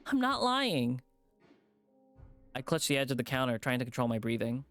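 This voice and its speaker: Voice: mid-range voice, little pitch movement, racing, dry recording, soft background music. A streamer reading a visual novel aloud with casual, profane asides.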